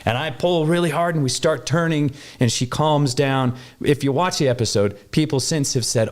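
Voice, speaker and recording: A man from Wyoming telling a long story in casual conversation, animated and jumping up in pitch when he acts out what people said. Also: normal speed, few pauses. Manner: animated, acts out quoted voices with big pitch jumps. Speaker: guest.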